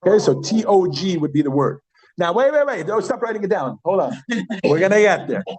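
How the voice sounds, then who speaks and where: A man's voice: sits high, big pitch swings, a little mellow, low-quality recording. Man teaching a chatty class. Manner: chatty, repeats words slowly, asks the class questions. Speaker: Yiddish teacher. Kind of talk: classroom lesson.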